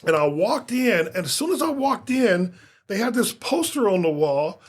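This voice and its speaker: A man's voice: high-pitched, big pitch swings, normal speed. A man in his fifties from Omaha, a pastor earnestly telling his life story as a guest, with frequent restarts. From Omaha, Nebraska. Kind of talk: personal testimony in a podcast interview.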